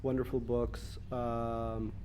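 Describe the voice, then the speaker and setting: A man's voice: medium pitch, completely flat delivery, takes it slowly, a little mellow, slight background noise. Self-mocking man joking onstage. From Russia. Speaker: author at a public reading. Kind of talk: onstage conversation and Q&A. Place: stage in an event hall.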